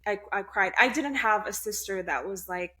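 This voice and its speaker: A woman's voice: medium pitch, normal speed, sharp tone. A young woman guest on a podcast, telling a personal story in a blunt, candid way, swearing freely and restarting her sentences.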